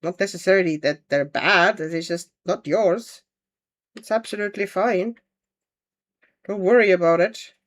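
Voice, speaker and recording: A woman's voice: lowish voice, unhurried, pauses often. A woman hosting a casual livestream, chatting and thinking aloud as she paints and answers viewer comments. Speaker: livestream host.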